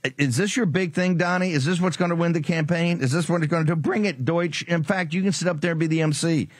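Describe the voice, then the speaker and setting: A sarcastic, combative political talk show host taunts his opponents in a slightly high, fast male voice. The studio sound is dry and close, with no echo.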